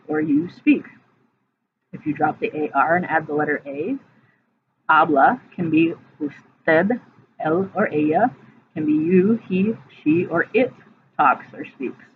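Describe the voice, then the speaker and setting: A woman, a Spanish teacher recording a vocabulary and grammar lesson, explaining step by step and checking in with the class. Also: low voice. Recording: tinny lo-fi audio with faint hiss.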